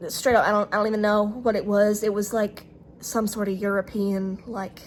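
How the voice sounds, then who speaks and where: Recording herself, a Southern US woman speaks straight to camera in a steady, unhurried, mid-range voice, with a little hiss or hum audible. Her casual monologue wanders, full of hesitations, restarts, and fillers.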